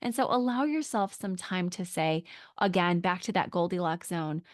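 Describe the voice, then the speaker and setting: A woman hosting an advice podcast, talking casually in an animated, expressive way. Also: on the low side, moderate pace, dry recording, studio quality. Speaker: podcast host, relationship advice.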